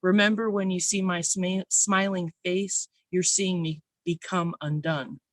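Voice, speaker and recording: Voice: mid-range voice, flat delivery, measured pace, no room sound. A poet reading their own spoken word poems at an online open mic, nervous but intense.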